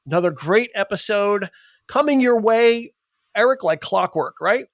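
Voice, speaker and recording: A man's voice: high voice, expressive, measured pace, a bit bright, no echo, studio quality. A man co-hosting a podcast in a jokey, casual way, often trailing off or restarting. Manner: jokey, talks over others and trails off. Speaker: podcast co-host. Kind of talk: casual chat.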